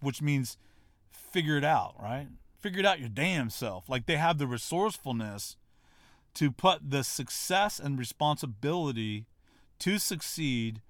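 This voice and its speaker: A man's voice: mid-range voice, dry recording, clean studio sound. A man giving a blunt motivational talk, brash and profane, mocking people and hammering his points. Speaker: motivational speaker.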